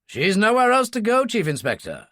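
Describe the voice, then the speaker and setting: A man voicing an older male intelligence chief who speaks crisply and commandingly in an audiobook reading. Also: high voice, huge pitch swings, moderate pace, fairly bright tone, no echo, studio quality, voice pushed up, heavily acted. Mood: brisk.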